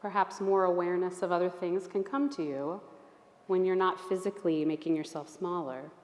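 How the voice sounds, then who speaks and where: A woman's voice: on the low side, steady tone, a little fast. Encouraging woman teacher in an echoey church. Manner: gentle, encouraging, invites the group to try things. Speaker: Alexander Technique teacher leading a workshop. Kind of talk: guiding a group exercise.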